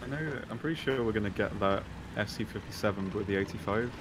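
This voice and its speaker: A man co-hosting a gaming podcast, speaking hesitantly with many pauses and ums in casual chat. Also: lowish voice, noisy background. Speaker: podcast co-host.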